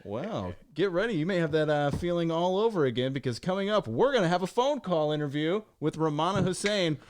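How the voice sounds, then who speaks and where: A man's voice: a little high, expressive, brisk. A man co-hosting a podcast, who teases the host in playful, casual chat. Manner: teasing, playful.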